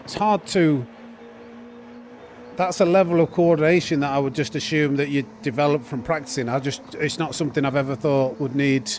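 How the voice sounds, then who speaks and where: A man's voice: fairly high pitch, a little hiss or hum. A man chatting casually on a live stream, reading chat and restarting his sentences often. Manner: chatty, reads chat aloud, frequent restarts and fillers.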